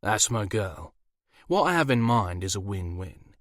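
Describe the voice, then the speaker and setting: A man's voice: on the low side, sing-song, a little slow, a bit bright, dry recording, clean studio sound. A man voicing a smug, charming incubus demon who teases his grown daughter. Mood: teasing. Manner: teasing, indulgent, sly.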